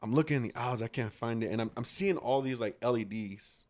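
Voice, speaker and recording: A man's voice: mid-range voice, fast talker. A young man co-hosting a casual podcast chat, telling a story with lots of swearing and acted-out quotes. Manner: animated, profane, acts out quotes. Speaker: podcast co-host.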